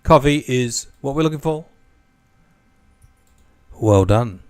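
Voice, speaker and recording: A man's voice: medium pitch, expressive, slow pace, darkish tone, clear, resonant tone, no room sound. A man hosting a casual podcast quiz game, reading clues and joking as he hints at the answers. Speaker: quiz host.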